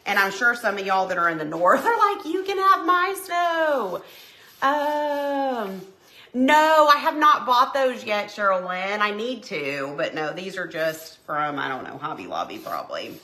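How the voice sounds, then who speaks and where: A woman's voice: medium pitch, sing-song, measured pace, bright, forceful tone. A woman in her forties with a Tennessee accent, hosting a craft live stream and chatting folksily as she reads out viewer comments. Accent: Southern US, Tennessee. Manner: chatty and folksy, with lots of filler words. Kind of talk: casual chat reading live comments.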